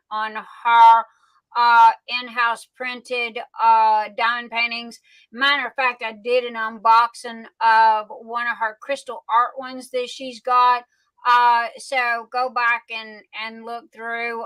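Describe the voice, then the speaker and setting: Slow, bright-voiced woman livestream host. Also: on the high side, clear, resonant tone, low-quality recording. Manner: chatty, folksy, many fillers and restarts. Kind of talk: casual live-stream product chat.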